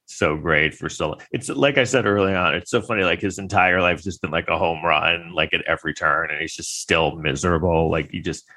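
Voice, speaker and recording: A man's voice: deep voice, fairly quick, few pauses, pushed and bright. A man talking in a rambling, wry casual monologue, full of fillers and restarts.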